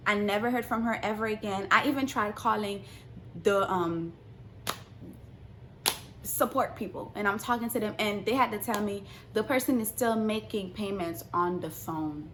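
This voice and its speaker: A young woman vlogger telling a casual storytime, acting out the quotes and swinging between hushed asides and loud outbursts. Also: mid-range voice, normal speed, slight background noise.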